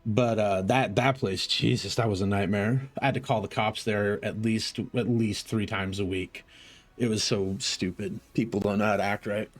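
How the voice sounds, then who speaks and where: A man's voice: on the low side, moderate pace, faint music behind. A man streaming, telling a rambling story in casual talk, swearing freely and acting out the voices of people he quotes. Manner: animated, profane, acts out quoted voices.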